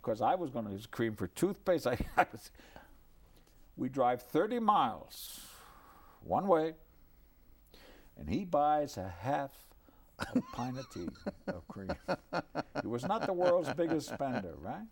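An older man telling a personal anecdote in a lively, animated way, dropping low for his asides. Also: measured pace, pauses often, breathy edge. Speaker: storyteller. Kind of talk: anecdotal storytelling.

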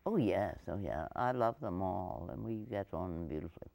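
Older woman with a deep, gravelly voice. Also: animated, darkish tone. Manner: halting, full of restarts, laughs often. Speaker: interviewee. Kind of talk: casual reminiscing in an interview.

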